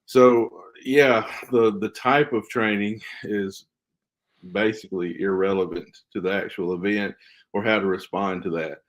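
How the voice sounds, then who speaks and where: A man's voice: fairly low pitch, steady tone, a little slow. A man who is a guest on a podcast and trains school staff in safety, explaining his views in an earnest, emphatic way. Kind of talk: casual podcast interview.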